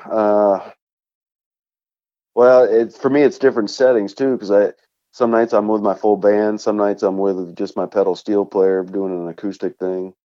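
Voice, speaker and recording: Brief: easygoing male musician with a Vermont accent, low mellow tone, muffled recording. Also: flat delivery, a little slow. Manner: easygoing storyteller, laughs often. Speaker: musician guest. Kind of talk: casual interview chat.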